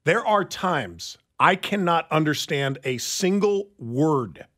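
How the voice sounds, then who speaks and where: A man hosts a radio talk show in a casual, joking way. His voice sits a bit high and moves around a great deal. He reads out items between the chatter. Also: lively intonation, slow pace, a bit bright.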